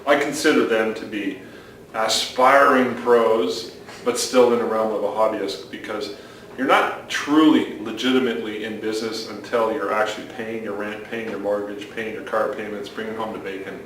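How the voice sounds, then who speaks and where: A man's voice: fairly low pitch, fairly even intonation, normal speed, fairly bright tone, a little hiss or hum. Man lecturing with jokes, far off. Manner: joking, lecturing. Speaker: co-host. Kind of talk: casual podcast chat. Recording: echoey room from far off.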